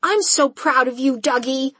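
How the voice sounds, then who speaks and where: Woman voicing a sassy teen best friend, bubbly, blunt, high-pitched, loud. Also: unhurried, no echo, full character voice.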